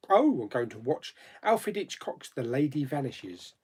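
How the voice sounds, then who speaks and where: A man's voice: mid-range voice, big pitch swings, a little slow, slightly rough. A man hosting a casual live chat, reading viewer comments aloud and answering them with frequent laughs. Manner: chatty, laughs often, reads comments aloud then answers. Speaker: YouTube host.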